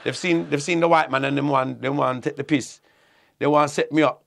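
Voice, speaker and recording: A middle-aged man from England, telling a story in an interview, animated and swearing a lot. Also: fairly high pitch, a little fast, gravelly. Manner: animated, swearing, acts out voices. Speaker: guest.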